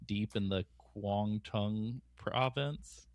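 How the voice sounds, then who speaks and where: Male host, lowish dry voice, eager and chatty. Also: no room sound. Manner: eager, quick to jump in with trivia. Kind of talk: casual chat.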